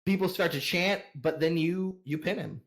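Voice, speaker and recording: A man narrating a tabletop role-playing game as game master, animated and often laughing. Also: sits high, moderate pace.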